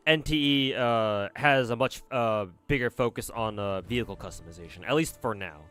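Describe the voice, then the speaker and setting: A man's voice: mid-range voice, normal speed, a bit bright, faint music behind. Casual, swearing young male streamer. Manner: rambling, profane, answers chat messages. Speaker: gacha game streamer. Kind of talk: casual livestream chat.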